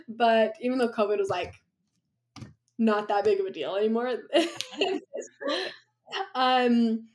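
A woman's voice: on the high side, takes it slowly, pauses often, slight background noise. A young woman talking as a podcast guest in a chatty, rambling way, laughing often. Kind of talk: casual conversation.

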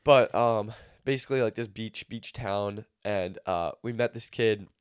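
A man's voice: lowish voice, a little slow, clear, resonant tone, no echo, studio quality. A young man co-hosting a podcast in casual chat, laid-back and full of slang and swearing. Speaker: podcast co-host.

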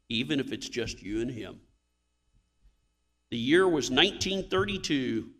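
A man's voice: mid-range voice, fairly bright tone, in a large hall. A male pastor preaching a sermon in a church, telling stories with emphatic swells of emphasis.

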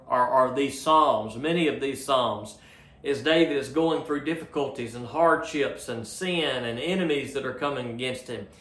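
A man's voice: fairly high pitch, fairly bright tone, reverberant. A man preaching a sermon as a pastor, earnest and plain-spoken, often repeating words as he restarts a thought.

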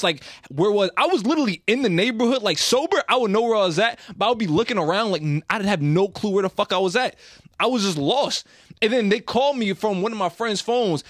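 A man's voice: high voice, dry recording, clean studio sound. A young man telling a rambling, profane party story in casual chat with friends, acting out the voices he quotes. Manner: animated, swearing, acts out quoted voices.

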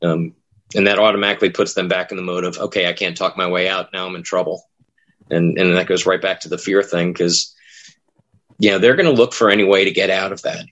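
A man's voice: low voice, steady tone, fairly quick, fairly bright tone, muffled recording. A man who works as a haunted attraction actor, telling stories in casual chat and acting out what people said. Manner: rambling storyteller, acts out quoted lines.

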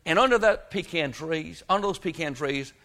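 Bright-voiced preacher man. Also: on the high side, lively intonation, normal speed. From South Georgia, US. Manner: folksy storytelling with frequent amens. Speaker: pastor. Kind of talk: sermon.

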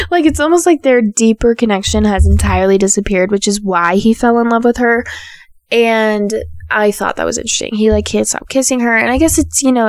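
A woman's voice: mid-range voice, dry recording, clean studio sound. A young woman hosting a podcast, recapping a reality show in casual solo chat, blunt and sarcastic and swearing freely. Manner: acts out quotes in raised voices.

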